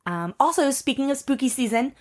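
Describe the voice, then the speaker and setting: A woman's voice: sits high, expressive, a little fast, darkish tone. A woman co-hosting a podcast in casual chat, chatty and blunt, swearing freely as she recaps a show. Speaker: podcast co-host.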